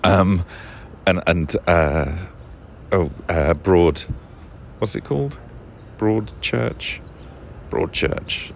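This male podcast host has a low, animated voice with drawn-out words, vocal fry and frequent pauses, over slight background noise. Talking at length on his own, he rambles, swears, fumbles for words, fixes his slips and laughs softly often.

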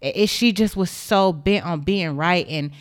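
A woman's voice: on the low side, measured pace, no echo, studio quality. A young woman giving an impassioned, indignant monologue straight to the camera, blunt and emphatic, with swearing.

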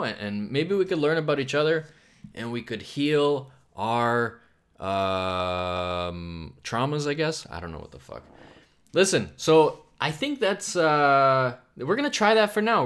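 A man's voice: a little high, fairly bright tone. A man hosting a solo podcast, rambling from topic to topic in a self-mocking, profane way. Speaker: podcast host.

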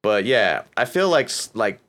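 A man hosting a casual solo podcast, rambling and profane, breaking into high mocking voices. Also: very animated, normal speed, fairly bright tone. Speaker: podcast host.

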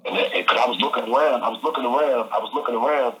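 Animated man over a phone line. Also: medium pitch, racing. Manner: animated, repeats phrases, says "man" often. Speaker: interview guest. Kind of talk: casual storytelling.

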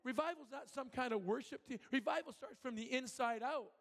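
A man's voice: very high-pitched, fairly quick, creaky, fairly bright tone. A man preaching a fervent, rousing sermon as a guest speaker, asking the congregation questions. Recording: long reverb of a hall.

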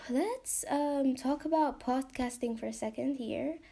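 Her voice sits high, gravelly yet warm, and she takes a slow pace. The young woman hosts her podcast in a casual, meandering style, heavy on fillers and swearing, sometimes dropping to a whisper.

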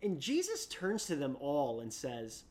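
A preacher telling a story in a sermon, repeating words as they restart sentences and swinging from loud bursts down to hushed whispers. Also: mid-range voice, wildly swooping pitch, measured pace. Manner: frequent repeated word restarts.

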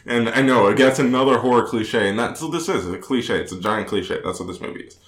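A man's voice: mid-range voice, a little fast. Rambling man in a roomy echo. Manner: rambling, self-correcting, laughs often. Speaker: podcast co-host. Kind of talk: casual movie review chat.

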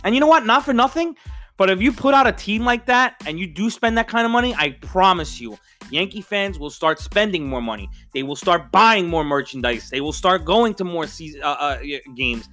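A man's voice: high voice, expressive, a little fast, bright, forceful tone, soft background music. Fired-up profane New man ranting. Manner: profane, fired-up, emphatic with repeated stammering restarts. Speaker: sports fan commentator. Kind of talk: heated solo rant.

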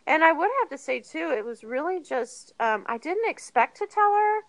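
Brief: woman in her thirties, earnest and chatty guest, bright tone, fairly high voice. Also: normal speed, vocal fry, no echo, rough recording. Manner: earnest, chatty, animated retellings with laughs. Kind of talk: candid personal storytelling.

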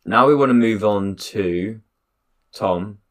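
A man's voice: lowish voice, takes it slowly, a bit bright. A young man hosting a casual podcast, rambling and hesitant with lots of fillers and laughs. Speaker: podcast host. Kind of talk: casual chat.

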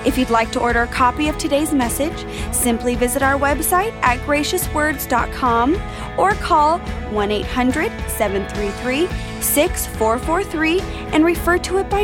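A woman's voice: sits high, lively intonation, unhurried. Woman announcer over music. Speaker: program announcer. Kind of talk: scripted radio announcement.

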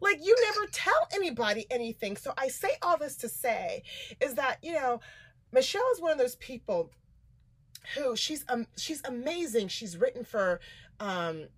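A woman hosting a podcast in casual chat, enthusiastic and quick to laugh, playfully exaggerating. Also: high-pitched, expressive, slightly rough, no echo. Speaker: podcast host.

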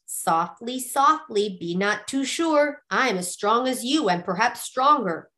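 A woman voicing a fearless, naive young man, bright and unbothered in every reply. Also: a little high, expressive, unhurried. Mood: bold, cocky.

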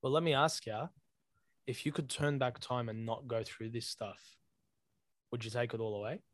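A young man co-hosts a laid-back podcast, recounting personal experiences in an earnest, heartfelt tone peppered with casual slang. His voice sits at an ordinary middle pitch. The recording is close and dry, with no room sound. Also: steady tone, normal speed, no room sound. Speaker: podcast co-host.

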